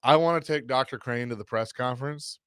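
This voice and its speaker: A man's voice: medium pitch, a little fast, fairly bright tone, clear, resonant tone, no room sound, studio quality. A man hosting a sports radio show, talking casually and opinionatedly, often restarting his sentences.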